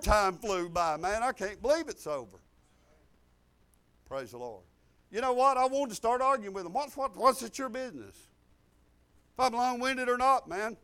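An older man preaching a sermon, folksy and exuberant, breaking into loud outbursts. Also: very high-pitched, smooth. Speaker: pastor.

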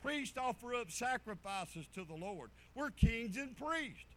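A man's voice: extremely high pitch, very animated, unhurried. A man, a pastor preaching a folksy sermon full of storytelling asides. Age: 50s.

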